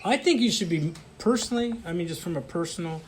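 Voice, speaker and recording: A man's voice: high-pitched, animated, fast, slight background noise. A middle-aged man from the United States in a casual interview, talking emphatically in bursts with frequent restarts. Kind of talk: casual conversation.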